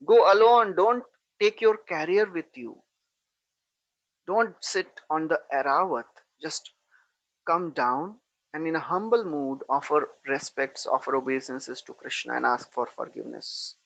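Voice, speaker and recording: A man's voice: on the high side, unhurried, vocal fry, fairly bright tone, no echo, rough recording. Man playing a motherly divine cow, coaxing, slightly raised voice, dry sound. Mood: urging.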